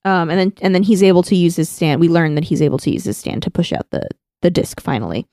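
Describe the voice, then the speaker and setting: Animated woman recapping in casual chat. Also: on the low side, fast, dry recording, clean studio sound. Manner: animated retelling with quoted lines. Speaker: podcast co-host.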